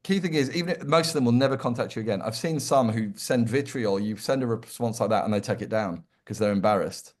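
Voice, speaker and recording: A man speaking as an interview guest, giving practical advice with energy and emphasis. He slips into little acted-out quotes to make his points. His voice sits at an ordinary pitch for a man. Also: fast, few pauses. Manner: animated, emphatic, acts out quoted lines. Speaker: employer brand consultant, guest. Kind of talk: conversational interview answer.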